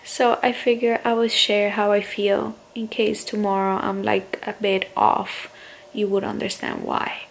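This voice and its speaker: A young woman, a stay-at-home mom vlogging, speaking haltingly and on the verge of tears in an emotional confessional. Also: mid-range voice, flat delivery, creaky, slight background noise, low-quality recording. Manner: tearful, halting, many fillers.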